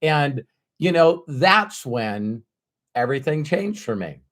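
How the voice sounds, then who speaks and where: A man's voice: fairly high pitch, slow. Candid middle-aged man telling a personal story. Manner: candid, animated, with sudden loud bursts. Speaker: motivational speaker.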